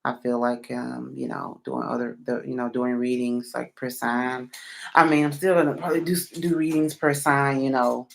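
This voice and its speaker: A woman's voice: rumbling low, flat delivery, moderate pace, creaky. A woman reading tarot on a late-night live stream. She is sleepy and yawning, and she rambles through many fillers while she answers viewers one by one.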